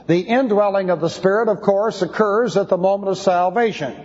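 A pastor teaching a sermon, methodically explaining Greek grammar in a precise, measured way. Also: male voice, high-pitched, darkish tone. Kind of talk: expository Bible teaching sermon. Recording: dull, lo-fi recording with long hall reverb.

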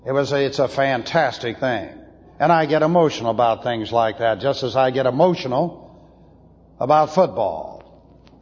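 A man preaching to a Bible class, blunt and opinionated, slowing down to press his points. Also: medium pitch, darkish tone, slightly rough. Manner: blunt, opinionated, slows for emphasis. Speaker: pastor teaching a Bible class. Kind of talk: sermon lecture. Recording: dull lo-fi tape in a reverberant hall.

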